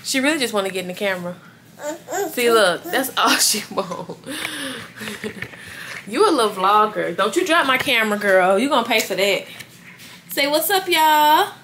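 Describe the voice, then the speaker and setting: A woman's voice: expressive, normal speed, bright, forceful tone, slight background noise. A woman, chatting casually in a home vlog in a laid-back way. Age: 20s. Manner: laid-back, talks to her baby in high playful voice. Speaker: vlogger. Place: home apartment.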